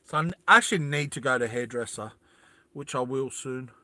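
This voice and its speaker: A man's voice: mid-range voice, a little fast, pushed and bright, no echo. A man hosting a live stream, chatting casually with viewers and reading their comments in a rambling, self-deprecating way. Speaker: livestream host.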